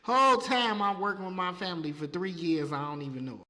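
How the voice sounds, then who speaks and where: A man tells a work story in an easygoing podcast conversation. His voice is bright and a little high. A long reverb tail hangs behind his words. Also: quick pace. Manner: plain-spoken, tells work anecdote. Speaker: podcast co-host. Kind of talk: casual chat.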